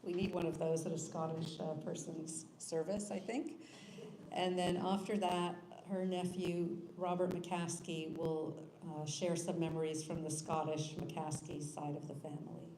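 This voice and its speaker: Woman, officiant at a memorial, low voice, echoey hall, clear background noise. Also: measured pace. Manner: calm, brief introductions. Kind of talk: introducing speakers.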